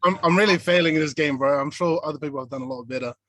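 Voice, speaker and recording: A man's voice: fairly high pitch, very fast, fairly bright tone. A man from New Zealand, a voice actor and musician, chatting as a guest in a laid-back, sweary way. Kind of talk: casual interview chat.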